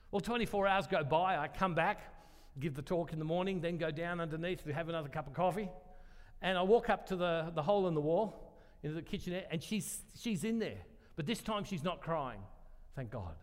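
A man with a fairly high voice tells a story from the pulpit in a relaxed, self-deprecating way, acting out the people he quotes. His voice rings with the long reverb of a large church hall. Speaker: pastor. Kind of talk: sermon with storytelling.

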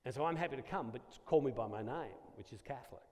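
An Australian man giving a Catholic talk to a live audience, animated and self-deprecating, acting out the dialogue in his story. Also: medium pitch, fast talker. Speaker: Catholic speaker at a church gathering. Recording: long reverb of a large hall.

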